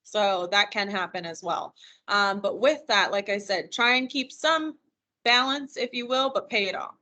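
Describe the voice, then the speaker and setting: A woman's voice: medium pitch, moderate pace, pushed and bright. A woman giving a live virtual financial wellness training, chatty and encouraging as she answers questions from attendees over a computer microphone. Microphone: computer mic on a video call.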